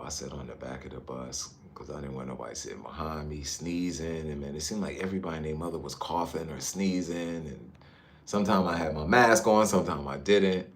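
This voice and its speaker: A man from Newark, New Jersey, livestreaming casually from a high-rise hotel room on his phone and chatting with viewers about their comments. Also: fairly bright tone. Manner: laid-back, chatty, drifts between comments. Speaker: livestream vlogger.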